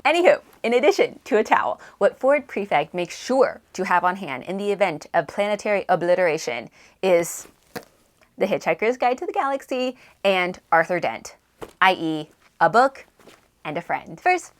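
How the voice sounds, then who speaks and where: A woman hosting a book review vlog, talking in an animated, emphatic, conversational way while drawing a reflection from scripture. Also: medium pitch, normal speed. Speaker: book reviewer and Bible teacher.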